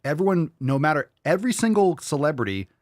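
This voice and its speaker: A man's voice: a little high, very animated, quick pace, a little mellow, dry recording, studio quality. A man hosting a podcast, reacting to clips with mocking, profane, ranting political commentary. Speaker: podcast host.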